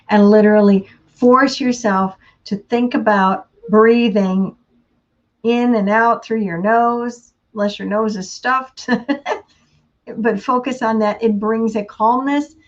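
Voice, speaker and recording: A woman giving a casual inspirational talk, unhurried and laughing often between thoughts. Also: mid-range voice, muffled recording. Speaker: motivational speaker.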